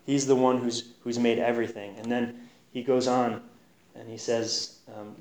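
Guy teaching bible study, talks earnest and chatty, mid-pitched voice, echoey room. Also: little pitch movement, unhurried, a little mellow. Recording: roomy echo.

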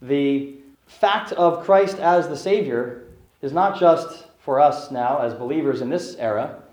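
A man's voice: a little high, measured pace, darkish tone. Earnest male preacher in an echoey room. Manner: earnest, expository, rising emphasis on key phrases. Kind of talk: sermon.

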